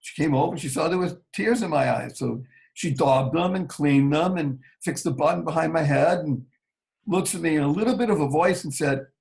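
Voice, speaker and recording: A man telling a personal story slowly and earnestly as an interview guest. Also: fairly high pitch, gravelly, darkish tone, rough recording.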